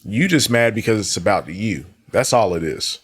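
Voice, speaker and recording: Exasperated guy roasting a streamer, kinda husky, voice jumps all over, cusses a lot. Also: lowish voice, lively intonation, normal speed. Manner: sarcastic, exasperated, swears freely. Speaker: commentary host. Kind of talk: reaction commentary.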